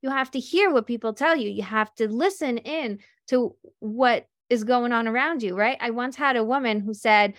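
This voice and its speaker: A woman coach talks through a faith-based lesson in a chatty, storytelling way, slipping into the voices of people she quotes. Her voice sits a little high, and the sound is dry and close with no room echo. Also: normal speed, hardly any pauses, fairly bright tone. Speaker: life and business coach.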